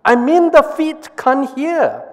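A man's voice: very high voice, huge pitch swings, takes it slowly, a little mellow, long reverb tail, pitched above the performer's own voice, heavily acted. A man doing flustered, helpless hands.

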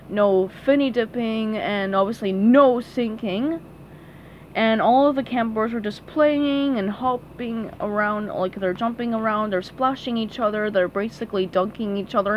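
A woman casually reviewing a children's picture book, chatty and gushing, with small laughs and restarts. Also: on the high side. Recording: dull lo-fi audio with faint noise.

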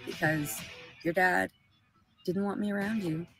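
Rambling Southern American woman, low voice. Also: fairly even intonation, measured pace, faint music behind, low-quality recording. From Arkansas, USA. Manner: rambling, emotional, profane. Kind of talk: rambling livestream monologue.

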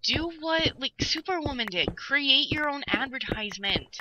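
A woman's voice: high-pitched, lively intonation, measured pace. A young woman hosting a casual gaming video, ranting with exasperation and breaking into giggles. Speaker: gaming channel host. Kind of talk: casual gameplay chat. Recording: loud background noise.

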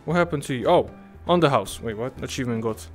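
Animated gamer guy over faint music. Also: medium pitch, quick pace. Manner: animated, exclaims and swears, mock-polite to customers. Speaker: gaming YouTuber. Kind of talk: casual gameplay commentary.

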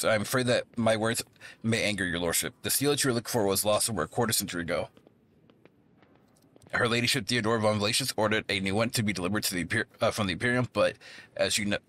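A man's voice: lowish voice, fast, fairly bright tone, lightly acted. A man reading the lines of a haughty, stern woman chancellor in a stiff, formal way.

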